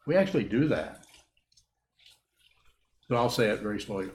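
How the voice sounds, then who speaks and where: Halting male Buddhist teacher, echoey room. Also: lowish voice. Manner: halting, thoughtful, repeats words as he rethinks. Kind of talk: dharma talk answering questions. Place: meditation hall with a group. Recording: echoey room with faint hiss.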